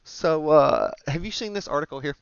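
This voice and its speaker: A man's voice: on the high side, lively intonation, normal speed, creaky, clean tone, dry recording, lo-fi sound. A man co-hosting a casual comedy podcast, laid-back, recapping the story and asking questions. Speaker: podcast co-host.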